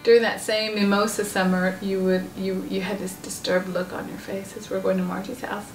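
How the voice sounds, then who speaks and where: A woman telling family stories in a casual chat, animated, acting out quotes. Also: normal speed, reverberant, recorded from a distance, slight background noise, rough recording. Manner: animated, acts out quotes in a high voice.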